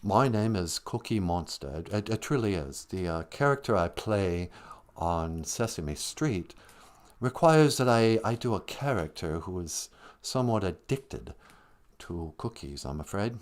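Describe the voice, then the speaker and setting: A man voicing a male monster who drops the act to speak in a refined, halting, world-weary way. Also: sits low, expressive, pitched below the performer's own voice.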